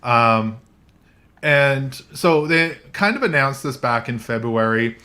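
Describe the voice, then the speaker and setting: A man's voice: medium pitch, expressive, slow, sharp tone. Chatty man hosting a tech podcast. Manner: laughs often, chatty and joking. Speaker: podcast host. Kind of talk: casual chat. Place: coffee shop.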